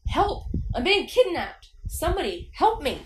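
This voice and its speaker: A woman doing a shrill, screeching evil dummy. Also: big pitch swings, a little slow, echoey room, background noise. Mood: screaming. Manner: screeching, mocking. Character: shrill evil male ventriloquist dummy, insulting.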